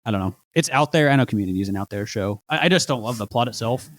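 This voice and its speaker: Fast-talking man in casual podcast chat. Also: medium pitch, expressive, no echo, clean studio sound. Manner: rambling, hedging, quotes lines from the show. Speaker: podcast co-host.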